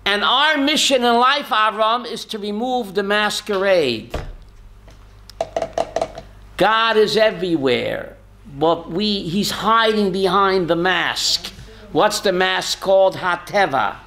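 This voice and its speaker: A man's voice: sits high, animated, slow pace, pushed and bright. A man, a rabbi, teaching a Torah class in a folksy, joking way and quizzing his listeners by name. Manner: folksy, jokey asides.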